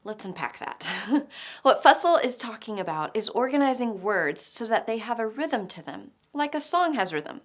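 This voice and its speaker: A woman giving a scripted educational narration about poetry, explaining clearly with a light touch of humor. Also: on the high side, big pitch swings, moderate pace. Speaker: teacher.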